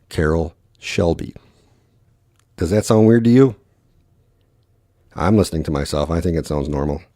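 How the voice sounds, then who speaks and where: Brief: male podcast host, Wisconsin accent, deep mellow voice, fast and rambling, lots of "um" and "uh". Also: no room sound, clean studio sound. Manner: quick, rambling talk with many fillers. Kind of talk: casual solo podcast.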